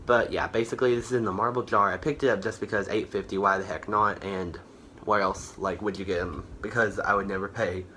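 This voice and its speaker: A man's voice: lowish voice, steady tone, brisk, pushed and bright, slight background noise. A man chatting casually through a candle haul, rambling with lots of fillers and self-corrections, a bit tired and out of breath. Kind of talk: casual product review chat.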